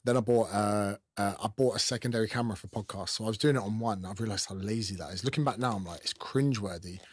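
Give me a podcast host talking quickly in a husky, lowish voice. He chats casually and tells animated stories full of swearing and acted-out quotes. The sound is dry and close on a studio mic. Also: dry recording.

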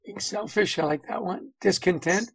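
High, gravelly man telling leadership stories. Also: normal speed, dry recording, low-quality recording. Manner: anecdotal, acts out quotes, frequent "you know". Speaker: guest speaker on leadership. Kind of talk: conversational webinar talk.

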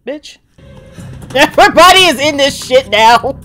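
Brief: woman host, salty reaction commentary, soft music bed underneath. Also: high-pitched, animated, a little slow. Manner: profane, emphatic, talks back to the show. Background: drama audio playing underneath.

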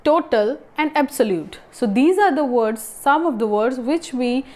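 A woman teaching grammar and asking the class questions, then answering them herself. She talks haltingly, with restarts and fillers. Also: high-pitched, expressive, a little mellow. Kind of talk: classroom lesson.

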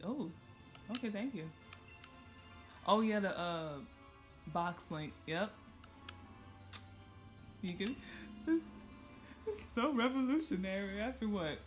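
A woman hosting a gaming channel, giving chatty, joking let's-play commentary and reacting aloud to the game. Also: lowish voice.

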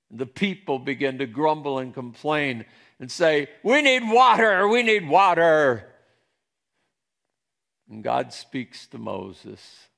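A male pastor delivers a sermon in a gravelly voice. He preaches slowly and emphatically and swings between hushed and raised passages. He is from central Pennsylvania. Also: medium pitch.

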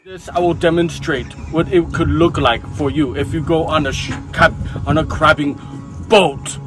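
A man's voice: on the high side, fairly even intonation, moderate pace, poor audio. A man playing a goofy mock field reporter, talking mock-serious and laughing at his own slips. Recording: loud music under the voice.

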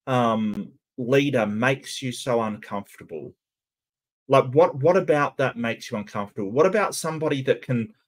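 Man commentating with halting restarts. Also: mid-range voice. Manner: halting, many repeated starts. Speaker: commentator reacting to a cartoon and to chat. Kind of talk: casual reaction commentary.

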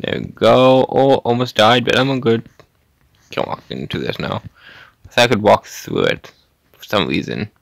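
A man hosting a gaming channel, chatting casually to himself and his viewers as he plays, with quick little laughs. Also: medium pitch, very animated, gravelly, dry recording. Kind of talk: casual gameplay commentary.

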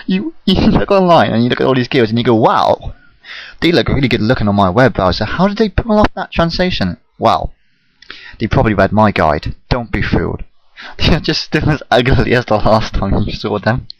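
A man's voice: mid-range voice, big pitch swings, a little fast, no echo. A young man recording a rambling voice clip, hyper and giddy on caffeine, breaking into laughter again and again. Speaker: vlogger. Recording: dull lo-fi home recording.

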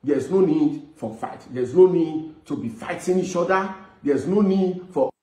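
A man's voice: on the high side, lively intonation, a little slow, warm tone. A man with a Nigerian accent making earnest, pleading appeals for peace. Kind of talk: pleading commentary. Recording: echoey room.

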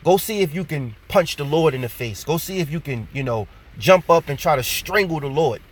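A man giving an informal sermon. He reads scripture slowly, repeats his points and ends many phrases with "man". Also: a little high, lively intonation. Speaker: preacher.

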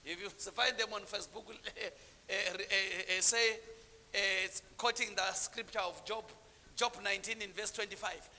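A man preaching a sermon, calling on the congregation to answer back, dropping to low murmurs and then rising into shouted lines. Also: fairly even intonation, moderate pace, big-room sound, slight background noise.

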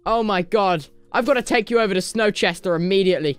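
A man streaming gameplay in casual chat, excitable and prone to sudden high shrieks and shouts. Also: fast, smooth, soft background music. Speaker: game streamer.

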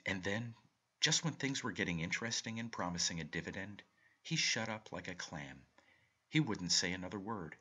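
A deep-voiced man reads a short story aloud in a measured, expressive first-person telling. His husky voice has a bright edge and roams widely in pitch. It sounds like an audiobook narration. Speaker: reader.

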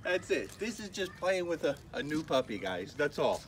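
A male dog trainer talking casually on camera while playing with a puppy, breaking into high, excited praise between calm asides. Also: normal speed. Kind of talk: casual training vlog talk. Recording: distant voice with clear background noise.

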